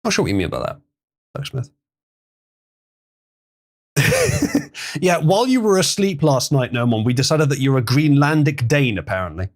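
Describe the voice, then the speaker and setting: A man's voice: mid-range voice, big pitch swings, moderate pace, long pauses. Dry, teasing male streamer. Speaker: stream host. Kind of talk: casual livestream chat.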